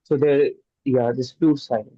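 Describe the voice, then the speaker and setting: A man's voice: mid-range voice, steady tone, a little slow, no room sound, highs cut off. A man on a hackathon team answering judges' questions at length, with frequent fillers. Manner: explains at length with many uh fillers. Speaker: hackathon team member pitching.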